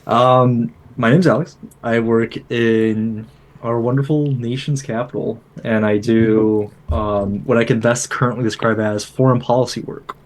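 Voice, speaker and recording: Young male guest, relaxed chatter, giggles through his answers, mid-range pitch. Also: unhurried. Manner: chatty, laughs between phrases. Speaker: podcast guest. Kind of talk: casual podcast chat. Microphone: home computer mic on a video call.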